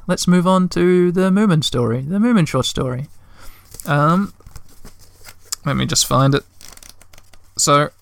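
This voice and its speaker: A man reading a children's story aloud, with relaxed, chatty asides in between. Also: medium pitch, clear, resonant tone, dry recording. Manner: relaxed, chatty, self-deprecating.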